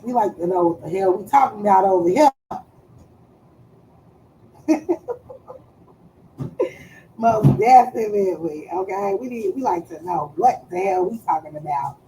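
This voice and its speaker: A woman chatting casually on a live stream, loud and playful, swearing freely and trailing off as she searches for words. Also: medium pitch, animated, measured pace, pauses often, a little hiss or hum, rough recording.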